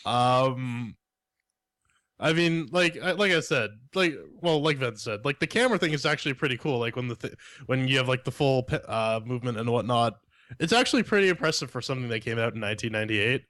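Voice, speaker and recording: A man's voice: mid-range voice, animated, a little fast, a bit bright, dry recording, studio quality. A man co-hosting a game review podcast in casual chat, blunt and profane with lots of filler words. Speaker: podcast co-host reviewing games.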